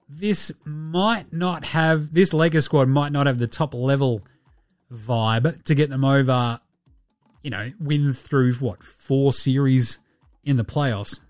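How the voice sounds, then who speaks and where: A laid-back Australian man hosting a sports podcast, chatting casually in slang and swearing freely. His voice sits slightly high for a man, and the recording is dry and close, with faint music underneath. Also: clean tone, no echo. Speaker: podcast host.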